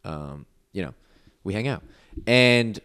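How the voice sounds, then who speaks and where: A man's voice: fairly low pitch, expressive, takes it slowly, a bit bright, clear, resonant tone. A young man, a podcast guest, telling a long casual story full of "like" and "you know.". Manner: rambling, filler-heavy storytelling with lots of "like".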